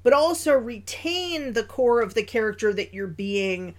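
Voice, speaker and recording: High-voiced woman chatting about a film. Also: unhurried. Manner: animated, laughs often while talking. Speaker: podcast co-host. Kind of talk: casual chat reviewing a film.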